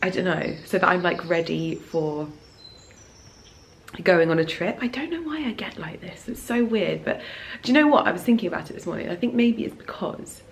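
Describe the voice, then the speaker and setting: A woman's voice: fairly low pitch, moderate pace, creaky, slight background noise. A woman in her thirties from England, chatting casually and gushingly to camera while vlogging outdoors in her home garden. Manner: chatty, gushing, restarts and trails off. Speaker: lifestyle vlogger. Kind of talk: casual vlog chat.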